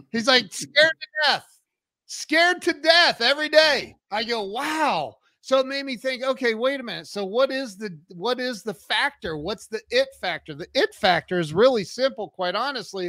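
Guest spot: a high, bright-voiced man, animated storyteller, recorded close and dry. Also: moderate pace, no echo. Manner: animated storyteller, acts out quotes. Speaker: guest, entrepreneur and coach. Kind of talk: casual podcast interview.

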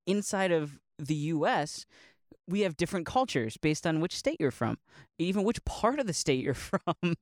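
Young guy, loose rambling monologue, laughs often, bit high, dry close mic. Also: sing-song, normal speed, dry recording. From Northeast Ohio. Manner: rambling, laughs often, many likes and restarts. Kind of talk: casual monologue.

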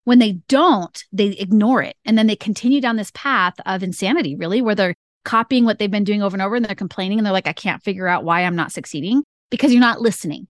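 A woman's voice: medium pitch, quick pace, few pauses, dry recording, clean studio sound. A middle-aged woman speaking as a podcast guest, blunt and upbeat, laughing often. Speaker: guest, ad consultant. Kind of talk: casual podcast interview.

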